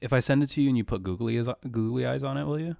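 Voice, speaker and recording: A man's voice: mid-range voice, racing, creaky, mellow, dry recording, studio quality. A young man co-hosting a casual podcast, teasing and pushing his friend with joking banter. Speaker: podcast co-host.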